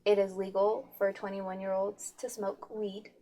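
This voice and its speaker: A woman in her twenties from Colorado, co-hosting a podcast and telling a story in an animated, chatty way. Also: mid-range voice, measured pace, background noise. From Colorado, USA. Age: 20s. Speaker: podcast co-host. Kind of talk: casual group chat.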